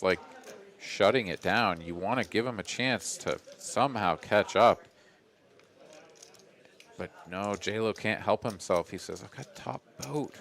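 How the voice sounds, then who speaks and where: A man commentates a live poker hand in a calm, analytical way. His voice sits on the low side. He drops dry little jokes between the strategy talk. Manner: relaxed, analytical, dry asides.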